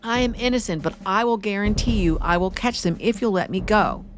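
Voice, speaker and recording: A man's voice: high-pitched, brisk, faint music behind, natural voice. A woman voicing a desperate male outlaw who pleads and rambles in denial before a lynch mob, in a history podcast. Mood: pleading.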